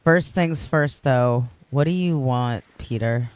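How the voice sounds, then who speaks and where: Rambling male game streamer with a smooth, clear voice, recorded close and dry on a desk mic. He talks casually through his gameplay and keeps correcting himself. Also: medium pitch, slow pace, no echo. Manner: rambling, chatty, self-correcting. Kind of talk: casual gameplay livestream chat.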